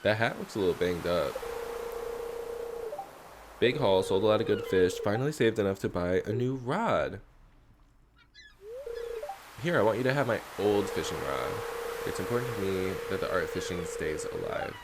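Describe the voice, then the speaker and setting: A man reading aloud the lines of an old, gruff but friendly fisherman in a farming game. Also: on the low side, lively intonation, moderate pace, pauses often, background noise, natural voice. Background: game music.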